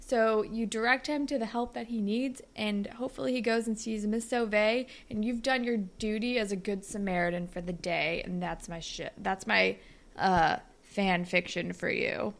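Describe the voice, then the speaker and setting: Her medium-pitched voice is creaky and steady, moving at a normal speed. This young podcast co-host chats casually, meandering through an improvised story with lots of fillers.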